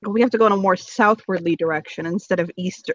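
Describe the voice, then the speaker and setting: Animated player on a dull, lo-fi mic. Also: medium pitch, fast talker, no room sound. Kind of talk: casual tabletop game chat.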